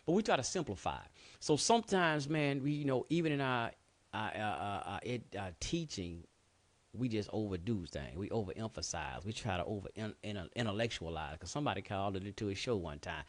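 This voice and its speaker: A middle-aged man holds forth on his talk radio show in a fairly low voice. He preaches casually, slipping into street slang and cursing. The sound is dry and close to the mic. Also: expressive, a little fast, no room sound.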